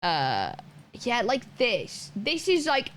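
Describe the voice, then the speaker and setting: A woman's voice: on the high side, wildly swooping pitch, takes it slowly, fairly bright tone, a little hiss or hum. A woman, chatting casually and rambling with lots of fillers while she streams a game. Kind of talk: casual chat while gaming.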